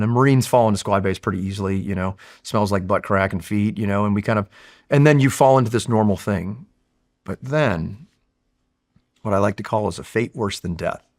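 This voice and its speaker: A man in his forties, a Marine veteran, telling stories in a casual, candid, animated way with frequent fillers and swearing. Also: on the low side. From California. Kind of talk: casual storytelling in a long-form interview.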